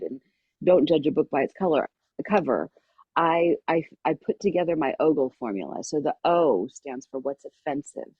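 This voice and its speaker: A middle-aged woman guest on a podcast, telling a personal story with lively energy and acting out the voices of people in it. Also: low voice, husky, no echo, highs cut off. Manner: lively storyteller who acts out quoted voices.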